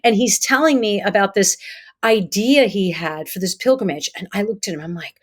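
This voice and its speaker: Middle-aged woman, interview guest and therapist; lively storyteller who acts out dialogue, mid-pitched. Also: normal speed. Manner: animated, acts out quoted dialogue. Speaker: guest psychotherapist.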